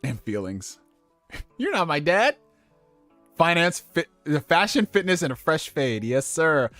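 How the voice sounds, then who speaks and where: A man's voice: on the high side, big pitch swings, unhurried, fairly bright tone, soft background music. A young man hosting a casual livestream, giving dating advice in a loose, profane way and laughing at his own slips. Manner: talks directly to viewers with slang.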